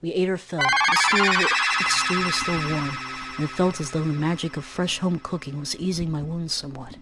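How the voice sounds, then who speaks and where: A woman's voice: sits low, steady tone, moderate pace, very noisy. Woman streamer reading a game aloud. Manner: casual, playful and laughing. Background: background game music.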